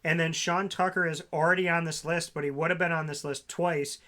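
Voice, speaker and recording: A man's voice: a little high, fairly even intonation, brisk, pushed and bright. A man co-hosting a sports talk show, reeling off stats and player names in long runs. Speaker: co-host.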